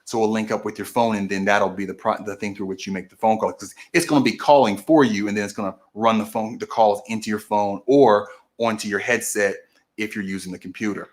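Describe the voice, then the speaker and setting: A man with a fairly low voice hosts his own stream and explains a process one step at a time. He talks casually and restarts and corrects himself often as he goes. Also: fairly even intonation, brisk. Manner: explains methodically, with frequent restarts and self-corrections. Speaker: host of a political stream. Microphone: camera video recording.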